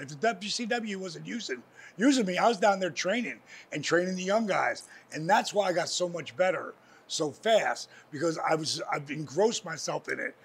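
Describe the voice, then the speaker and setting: An older man, a former wrestler, telling stories as a guest in a casual interview, animated and swearing now and then. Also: a little high, husky. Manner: animated, swears, slips into impressions.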